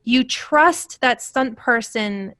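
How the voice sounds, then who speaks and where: A woman actress, a guest in a casual interview, telling lively anecdotes and laughing as she talks. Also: fairly high pitch, takes it slowly, no room sound, clean studio sound. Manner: animated storyteller, laughs while telling anecdotes.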